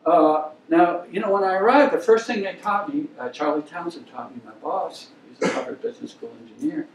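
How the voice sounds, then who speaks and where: A man's voice: sits high, lively intonation, brisk. An older man giving an anecdotal lecture, telling stories in a blunt, emphatic, opinionated way. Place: lecture room. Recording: roomy, distant mic with faint hiss.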